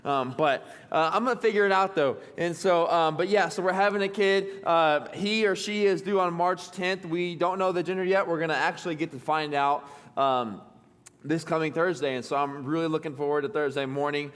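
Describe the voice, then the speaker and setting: A young man with a light Texan accent preaches in a loose, chatty way, leaning on fillers and poking fun at himself. His voice sits a little high. The sound carries the long reverb of a church hall. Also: normal speed, a bit bright, clear, resonant tone. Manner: chatty, filler-heavy, self-deprecating. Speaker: pastor. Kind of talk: sermon.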